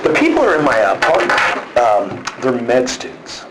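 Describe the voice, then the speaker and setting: His mid-range voice swings wildly in pitch while he talks at a normal pace, a worried complainant at the police station who rambles, fills gaps and keeps starting over. The casual chat comes through from a distance in a noisy, echoey space.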